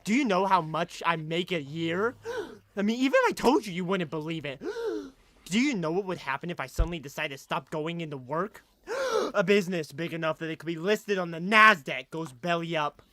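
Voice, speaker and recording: A man dubbing a menacing middle-aged man who is a proud, cold drug kingpin, speaking quietly and intensely with sharp gasps between lines into a desk microphone. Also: fairly high pitch, expressive, moderate pace, no echo. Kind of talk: live dubbing a film scene.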